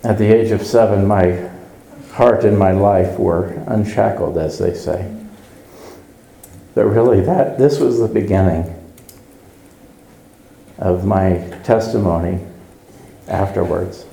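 Low, mellow-voiced male preacher. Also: slow pace, creaky, pauses often, reverberant, poor audio. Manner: earnest, asks the congregation rhetorical questions. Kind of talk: conversational sermon. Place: church service.

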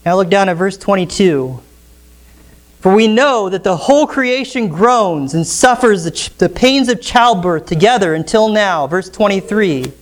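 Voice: medium pitch, expressive, a little slow. A pastor preaching an expository sermon in church, often asking the congregation rhetorical questions.

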